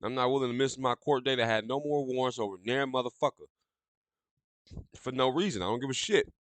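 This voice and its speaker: A young man talks straight into a dry, close mic, ranting bluntly and swearing freely. His voice sits at a medium pitch, and his casual talk swings from loose storytelling to heated opinion. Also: brisk, fairly bright tone, dry recording. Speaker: podcast host. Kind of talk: casual monologue.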